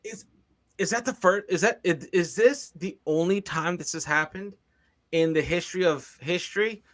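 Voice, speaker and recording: A man's voice: sits high, normal speed, a bit bright. A man hosting a reaction video, talking in an amused, rambling way and addressing viewers. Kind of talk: casual reaction commentary.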